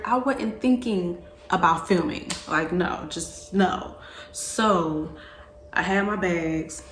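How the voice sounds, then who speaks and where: A woman in her twenties telling a personal story casually, slangy and animated, often repeating herself. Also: mid-range voice, a little hiss or hum. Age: 20s. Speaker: vlogger. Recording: echoey room with faint ambience.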